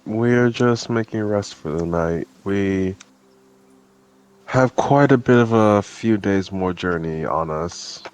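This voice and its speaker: A man's voice: on the low side, takes it slowly, darkish tone, clean tone, faint music behind. A man playing a tabletop game, speaking tentatively and casually. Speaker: player.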